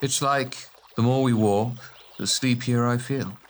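A man's voice: mid-range voice, steady tone, unhurried, pitched above the performer's own voice, close to an everyday voice. A man voicing a sleepy male traveler who mutters under his breath. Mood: drowsy. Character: drowsy, wondering male traveler.

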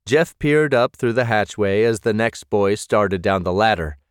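A man narrating an audiobook in a measured, even manner. His voice sits on the low side. The recording is close and completely dry. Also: clear, resonant tone, dry recording. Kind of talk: scripted narration.

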